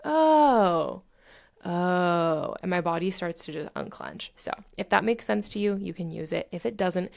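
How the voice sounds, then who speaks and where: A woman's voice: lowish voice, vocal fry. A young adult woman hosting a podcast, talking through self-help tips in a candid, casual way, swearing freely and acting out her inner dialogue. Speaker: podcast host.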